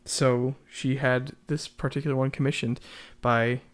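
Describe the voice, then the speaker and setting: Man in a relaxed podcast talk. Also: medium pitch, a little slow. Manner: conversational, quotes the play's dialogue. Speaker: podcast co-host. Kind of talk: casual discussion of a play.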